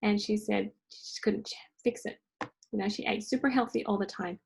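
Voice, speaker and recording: A woman's voice: mid-range voice, steady tone, brisk, creaky, darkish tone, breathy edge, low-quality recording. A woman hosting an online wellness workshop in a casual, chatty way, often checking in with her listeners with "okay?" and "right?". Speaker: energy healing workshop host. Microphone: online workshop recording.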